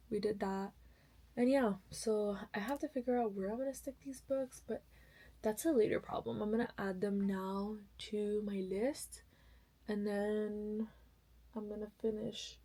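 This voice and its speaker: A woman's voice: mid-range voice, a little mellow, low-quality recording. Chatty young woman vlogging about books. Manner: chatty and rambling, correcting herself often. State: tired. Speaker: book vlogger. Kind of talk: casual chat to camera.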